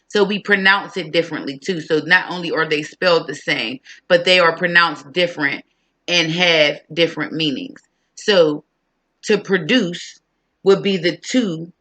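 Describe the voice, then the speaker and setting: A podcast host talking casually and reflectively about faith, thinking aloud with pauses and fillers. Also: medium pitch, pushed and bright.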